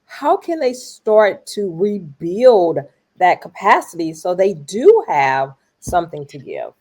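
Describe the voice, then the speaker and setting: A woman hosting a podcast interview, eager and affirming, who asks open questions and answers her guest with quick yeses. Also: on the low side, big pitch swings, darkish tone. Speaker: podcast host. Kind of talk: casual interview conversation.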